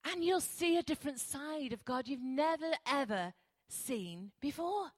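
Brief: older woman, emphatic sermon in church, repeats phrases, high-pitched. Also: expressive, measured pace, no room sound. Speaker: guest preacher.

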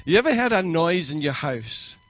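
A male pastor giving a sermon in a church, conversational and warm in pacing, with quoted asides and rising emphasis. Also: on the high side, very animated, moderate pace, no echo.

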